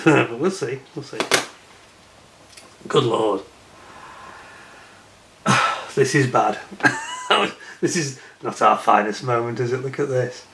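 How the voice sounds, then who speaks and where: A man talks his way through a model kit review in a loose, chatty manner, often muttering asides to himself. His voice sits at an everyday middle pitch. It is recorded in an echoey room with a faint noise underneath. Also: fairly bright tone. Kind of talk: casual unboxing commentary.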